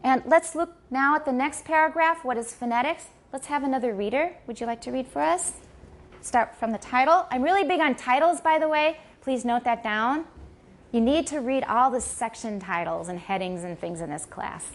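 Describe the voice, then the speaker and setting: A woman teaching linguistics in a classroom, speaking in a fairly high voice. She drills pronunciation carefully, repeating words for her students and correcting their stress. Her delivery is patient and methodical. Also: moderate pace. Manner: corrects and models pronunciation, switches into Mandarin for glosses. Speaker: university linguistics lecturer. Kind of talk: classroom lecture with pronunciation coaching.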